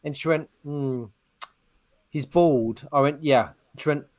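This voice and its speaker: A man's voice: a little high, slow. Rambling man telling stories. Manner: rambling storyteller, animated retelling of quotes. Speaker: podcast co-host. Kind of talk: casual chat.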